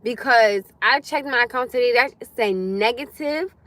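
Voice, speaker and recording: A woman's voice: on the high side, moderate pace, no room sound. A young woman hosting a casual livestream, talking loosely with viewers, reading their comments and swearing freely as she goes. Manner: chatty, swears freely, answers chat comments, animated. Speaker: livestream host.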